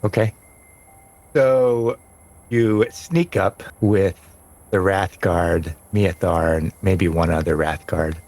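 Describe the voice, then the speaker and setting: Brief: male game master, relaxed, drawn-out scene-setting, chuckles between lines. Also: low-pitched, vocal fry, low-quality recording. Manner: slow descriptive narration with laughs. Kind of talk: narrating a tabletop game.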